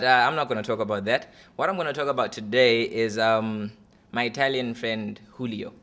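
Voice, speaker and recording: Brief: young man, chatty stand-up audition set, relaxed and rambling. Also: lowish voice, vocal fry. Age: 20s. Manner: loose, chatty, full of fillers. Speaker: stand-up comedy contestant.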